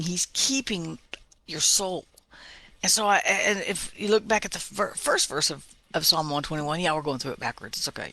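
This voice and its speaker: Woman, middle-aged, bright gravelly voice, chatty devotional teaching, dry close sound. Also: mid-range voice, no echo. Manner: conversational, often asks "right?", slows and drops to near-whisper for emphasis. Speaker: Bible teacher.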